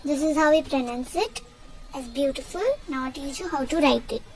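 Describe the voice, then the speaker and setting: A young girl with a very high voice teaches simple words in a casual home lesson. She talks slowly and haltingly, repeating each word so the listener can practise. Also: poor audio. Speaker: language teacher.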